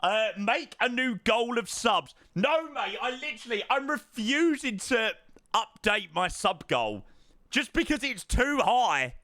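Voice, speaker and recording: A man's voice: extremely high pitch, big pitch swings, measured pace, bright, forceful tone, dry recording, clean studio sound. A man, chatting casually to viewers during a flight sim stream, greeting them by name and repeating words. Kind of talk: casual live-stream chat.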